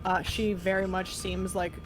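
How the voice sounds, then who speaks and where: A woman playing a tabletop game, talking slowly and deliberately. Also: on the low side, flat delivery, music in the background. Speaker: player.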